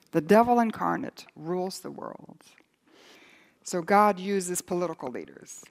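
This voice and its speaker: An earnest woman Bible teacher delivers a recorded teaching in a mid-range voice. Her delivery is urgent, growing more intense as she presses her warnings home. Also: medium pitch.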